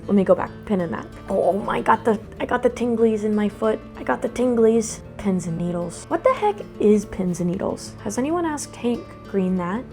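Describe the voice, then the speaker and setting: A young woman hosting a relaxed craft vlog, chatting casually and rambling into sudden asides to herself. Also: mid-range voice, normal speed, hardly any pauses, faint music behind. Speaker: host. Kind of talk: casual chat while doing a craft.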